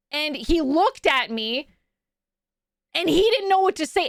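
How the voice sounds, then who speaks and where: Young woman streamer yapping with chat, high voice, dry close sound. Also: fairly bright tone, no room sound. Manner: chatty, storytelling, reads chat aloud.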